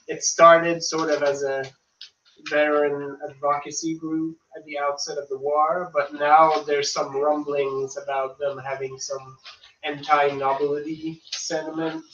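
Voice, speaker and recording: A man's voice: a little high, little pitch movement, unhurried, fairly bright tone, reverberant, recorded from a distance, dull audio, a little hiss or hum. A man as game master of a tabletop game, explaining the setting in long flowing sentences.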